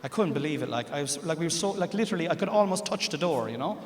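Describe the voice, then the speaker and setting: An Irish comedian tells his story on stage, voice pitched a little high. He drops low and confiding, then bursts out loud for the laughs. The sound rings around a large, reverberant theatre. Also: expressive, very fast, very noisy. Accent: Irish, Cork. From Ireland. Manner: confiding, building to loud punchlines. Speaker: stand-up comedian. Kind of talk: stand-up storytelling. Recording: roomy theatre reverb with audience.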